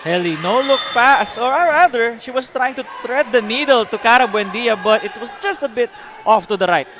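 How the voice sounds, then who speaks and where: A man's voice: very high voice, lively intonation, moderate pace. A man with a Filipino accent calling a live basketball game play-by-play, switching between English and Filipino. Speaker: play-by-play commentator.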